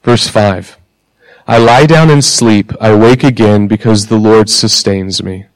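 A man preaching a sermon in a conversational way, asking the congregation questions and pausing for emphasis. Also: on the low side, steady tone, no echo, rough recording. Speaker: pastor.

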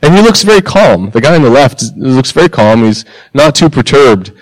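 A man's voice: medium pitch, sing-song, dry recording, rough recording. Dry-sounding male pastor preaching. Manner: conversational preaching with rhetorical questions and pauses. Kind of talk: sermon.

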